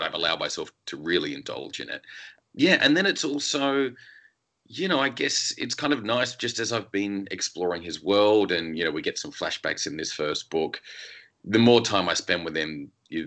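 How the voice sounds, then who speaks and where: A man's voice: deep voice, bright, forceful tone. An author talking in a casual interview, rambling and peppering his talk with fillers. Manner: rambling, full of "you know" fillers.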